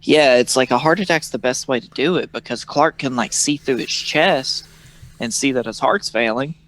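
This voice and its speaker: A man's voice: medium pitch, moderate pace, a bit bright. A young man co-hosting a casual podcast chat, joking and slipping into mocking character voices. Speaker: podcast co-host.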